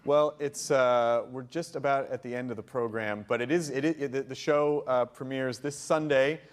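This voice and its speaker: A man's voice: medium pitch, steady tone, normal speed. A man hosting a talk show, chatting casually with a guest, bubbly and rambling. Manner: bubbly, rambling, laughing often. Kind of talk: casual interview chat.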